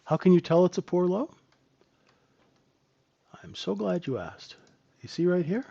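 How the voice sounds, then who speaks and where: Mellow-voiced man teaching live trading. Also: high voice, lively intonation, unhurried, vocal fry, husky, muffled recording. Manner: conversational, answers viewers' questions, rhetorical "right?". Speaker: trading instructor. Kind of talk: live trading room commentary.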